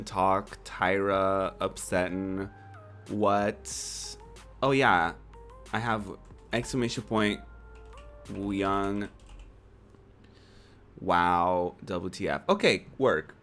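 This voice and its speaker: A streamer in their twenties chatting casually to a live chat, playful and quick to laugh. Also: low-pitched, steady tone, fairly bright tone, soft background music. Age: 20s.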